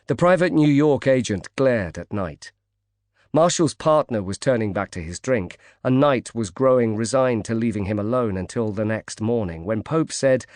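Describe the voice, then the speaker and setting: Guy reading an audiobook, even and measured, mid pitch, super dry sound. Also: no room sound. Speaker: audiobook narrator. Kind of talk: scripted narration.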